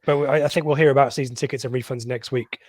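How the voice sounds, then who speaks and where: A man's voice: medium pitch, fairly even intonation, rapid-fire, a little mellow, dry recording. A man hosting a casual football podcast, reading out listener questions with a lot of hesitant ums. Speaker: podcast host.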